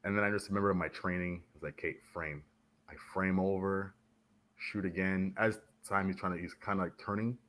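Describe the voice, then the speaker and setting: Man, deep voice, from Canada, military veteran, animated storyteller, podcast guest. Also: brisk. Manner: animated, acts out the voices of others in his stories. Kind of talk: casual storytelling in a podcast interview.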